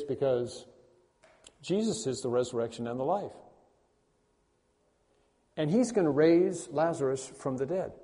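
A man preaching a sermon as pastor, repeating key phrases with emphasis and swinging between loud and hushed delivery. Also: mid-range voice, lively intonation, a little slow, pauses often. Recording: long reverb of a large hall.

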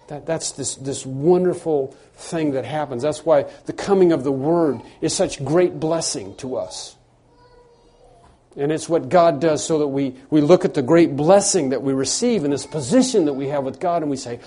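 A man's voice: medium pitch, normal speed, mellow. A man preaching a sermon, earnest, often repeating words as he builds to emphatic phrases.

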